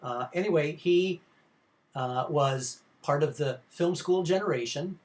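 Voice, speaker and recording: A man's voice: a little high, a little slow. Rambling middle-aged male film lecturer. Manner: rambling, lots of fillers and restarts; informal, addresses students directly. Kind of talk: recorded slide lecture.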